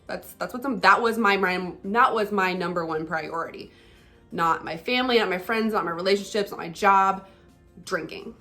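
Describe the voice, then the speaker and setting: A woman's voice: mid-range voice, moderate pace, bright, forceful tone. Young woman vlogger, casual, candid, chatty with lots of fillers, faint music underneath. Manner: candid, conversational, many fillers like "like" and "um". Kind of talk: casual personal vlog talk.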